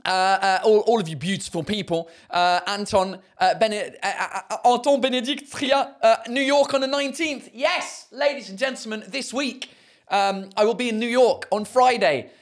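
A man's voice: sits high, moderate pace. A man hosting a live podcast from his garden shed, chatting casually and swearing freely, with plenty of fillers. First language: English. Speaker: podcast host. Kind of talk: casual live-stream chat.

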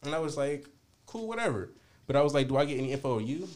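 Speaking very fast in a mid-range voice, a man hosting a podcast recounts a story in casual, foul-mouthed language. He animatedly plays out both sides of the argument, quoting himself and the other people involved.

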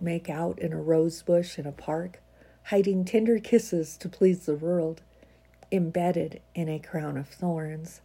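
Daily vlogger, woman, stuffy from a cold, husky and dark in tone, earnest reader. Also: lowish voice. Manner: warm, earnest, chuckles often. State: congested, stuffy nose. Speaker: vlogger reading her own writing. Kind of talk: casual chat, then a reflective reading.

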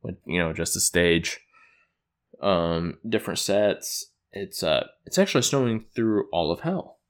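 Rambling casual man, low voice. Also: expressive, unhurried. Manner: loose and chuckling, with frequent fillers and self-corrections. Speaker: podcast host recapping an episode he wrote.

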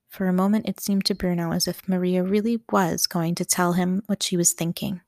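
A woman reading a novel aloud as an audiobook narrator, calm and measured. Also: fairly low pitch, no echo, clean studio sound.

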